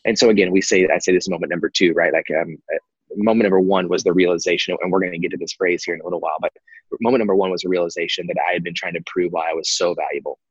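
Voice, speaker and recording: A man's voice: deep voice, steady tone, rapid-fire, slightly rough, no echo, dull audio. A man, candidly telling his life story as a guest, rambling with lots of fillers. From Texas. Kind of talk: personal story in conversation.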